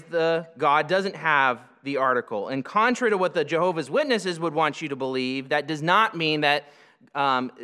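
A man preaching a sermon, explaining scripture in a teaching manner, slowing down for emphasis and often restarting phrases. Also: fairly high pitch, sharp tone, clear, resonant tone, big-room sound. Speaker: pastor.

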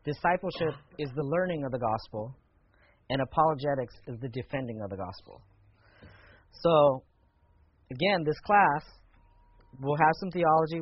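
Male teacher of a church class, fairly high voice, chatty and animated, lo-fi muffled audio. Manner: conversational, animated when retelling a story. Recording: muffled lo-fi recording.

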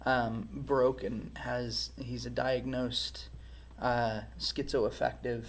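A man's voice: mid-range voice, flat delivery, takes it slowly, a little hiss or hum. A man speaking as an interview guest, giving a candid personal testimony in a reflective, frank way.

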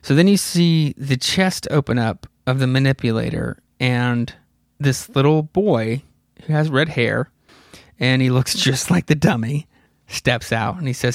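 A man's voice: mid-range voice, measured pace, gravelly, no room sound, clean studio sound. A man in his thirties hosting a podcast, casually retelling a comic story with rambling, profane asides and chuckles. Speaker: podcast host. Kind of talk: casual comic book recap.

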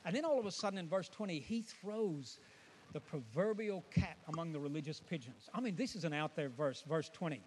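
A man's voice: fairly high pitch, animated, a little fast, a little mellow, slight background noise. A man preaching a sermon, emphatic and dramatic, who often acts out the voices of his listeners.

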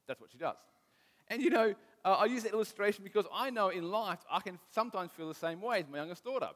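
A man's voice: sits high, brisk, big-room sound. A man, preaching a casual sermon with stories from home, often restarting his sentences. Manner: conversational, self-deprecating, restarts often.

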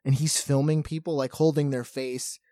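Rambling, animated man telling a story. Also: on the high side, moderate pace, no room sound, studio quality. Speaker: podcast co-host. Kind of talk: casual chat.

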